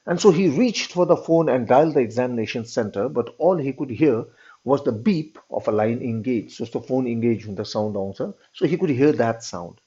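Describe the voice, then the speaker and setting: A husky male teacher walks his class through a story, retelling it plainly in his own words and checking in with "all right?". His voice sits at an ordinary pitch. The recording is dull and lo-fi. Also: expressive, normal speed, warm tone.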